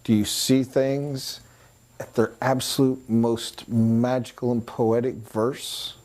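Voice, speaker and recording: A man with a mellow, warm voice leads a sales training class. He talks conversationally and acts out quick voices and accents as examples. Now and then he slows to write on a board. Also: mid-range voice, level tone. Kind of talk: recorded training lecture.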